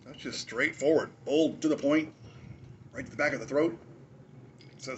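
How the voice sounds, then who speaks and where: A man's voice: mid-range voice, moderate pace, pauses often, noisy background. A man hosting a casual drinks review show, rambling through a tasting with jokes, asides and chuckles.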